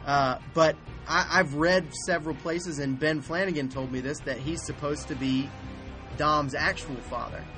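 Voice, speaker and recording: A man's voice: on the high side, fairly even intonation, normal speed, over music. Rambling podcast host, a man. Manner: rambling, hesitant, many restarts. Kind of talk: casual movie discussion.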